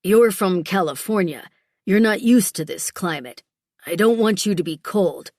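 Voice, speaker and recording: Curt, gruff mountain man, as a woman reads him. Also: fairly low pitch, animated, a little slow, a little mellow, no echo, clean studio sound. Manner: curt, clipped grumbling replies. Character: gruff, taciturn big mountain-guide man. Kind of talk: audiobook character voice.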